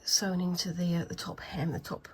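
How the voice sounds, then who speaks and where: A woman chatting casually while sewing for a craft vlog, thinking aloud with many pauses and fillers, sometimes dropping into a soft half-whisper. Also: fairly low pitch, steady tone, breathy edge. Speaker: craft vlogger. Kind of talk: casual craft tutorial chat.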